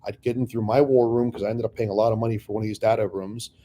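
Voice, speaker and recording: A man's voice: on the low side, level tone, racing, dark tone. A man candidly telling stories from his real estate investing career in an interview, blunt and often profane, acting out past conversations.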